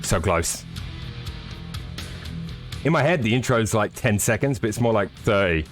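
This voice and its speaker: A man's voice: lowish voice, lively intonation, measured pace, faint music behind. A man hosting a live sim racing stream, chatting casually and jokily with viewers as he walks through a track lap. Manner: jokey, rambling, chatty with viewers.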